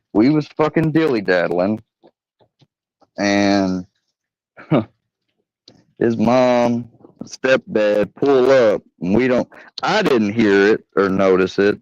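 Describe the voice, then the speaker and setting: A young man hosting a channel tells a long, profane story, rambling casually with many fillers and acted-out quotes. His voice is fairly low and a little mellow, with no room sound in the dry, slightly dull home recording.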